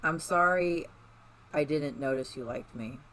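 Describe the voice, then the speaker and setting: A man voicing a cheerful, caring young woman in a read-aloud fan story, raising his voice higher for her. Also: unhurried, fairly bright tone, a little hiss or hum, rough recording. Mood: gentle.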